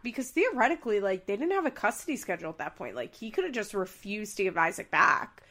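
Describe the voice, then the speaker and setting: A woman's voice: mid-range voice, very animated, fairly quick, few pauses, fairly bright tone. A young woman co-hosting a podcast, chatting casually and acting out quoted lines with big voices. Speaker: podcast co-host. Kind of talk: casual chat recapping a reality show.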